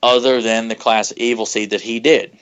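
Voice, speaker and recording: A man co-hosting a podcast in casual chat, animated and rambling, often dropping into silly voices. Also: medium pitch, brisk, clean tone, muffled recording. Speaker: podcast co-host.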